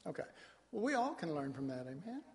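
A man's voice: fairly high pitch, big pitch swings, fairly quick. Man preaching in an echoing church hall. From Dallas, Texas. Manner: folksy storytelling, colloquial, with laughs and asides. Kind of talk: sermon. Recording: long hall reverb.

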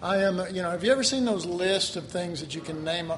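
A high-pitched man delivers a sermon to a congregation, speaking fairly quickly and in an animated way. He slips into exaggerated voices when quoting and chuckles often between lines, with a faint room hum behind him.

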